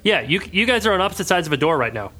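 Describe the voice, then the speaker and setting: A man acting as game master, calmly explaining scenes and rules. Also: sits high, racing. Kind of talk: running a tabletop game.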